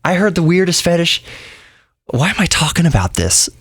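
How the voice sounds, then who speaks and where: A man's voice: on the high side, very animated, moderate pace, fairly bright tone, slightly rough, dry recording. Chatty man hosting a podcast, dry sound. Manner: rambling, chatty, self-interrupting asides. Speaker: podcast host. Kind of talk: casual opinionated monologue.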